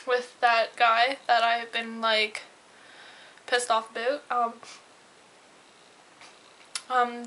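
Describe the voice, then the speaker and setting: A woman's voice: on the high side, a bit bright, a little hiss or hum, poor audio. A young woman talking in a casual confessional vlog, rambling and heated, with lots of fillers and swearing. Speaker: vlogger.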